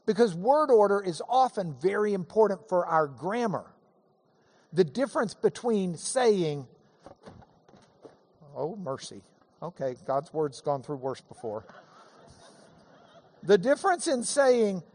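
A man preaching a sermon in a lively, conversational way, breaking off for quick asides as he teaches. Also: sits high. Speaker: pastor. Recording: long hall reverb.

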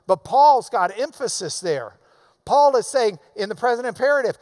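A man preaching an expository sermon, emphatic, repeating key words in loud bursts and adding folksy asides to the congregation. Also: very high-pitched, lively intonation, normal speed. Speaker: preacher teaching a Bible passage.

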